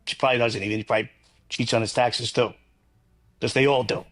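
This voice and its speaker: A man gives a blunt, rambling account in a relaxed interview. He swears freely, circles back on his points and keeps pushing his argument. His voice sits at a middling pitch for a man. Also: fast. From New York. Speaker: guest. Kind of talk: casual interview talk.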